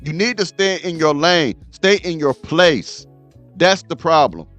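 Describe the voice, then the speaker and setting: Soft music plays behind a male host whose slightly high, slightly bright voice is animated yet a bit slow. He lectures his audience while reacting to a clip, using "okay?" again and again to press his points.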